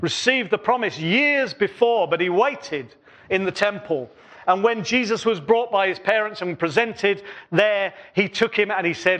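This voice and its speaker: Higher-voiced man preaching earnestly. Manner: earnest, repetitive preaching cadence with quiet pauses. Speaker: pastor. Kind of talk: sermon. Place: church.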